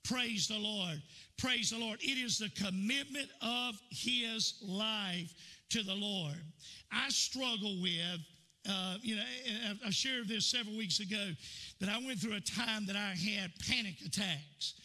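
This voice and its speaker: A man's voice: high-pitched, a little slow, sharp tone. A man preaching a sermon in a church, telling folksy stories full of fillers and repeats. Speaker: pastor.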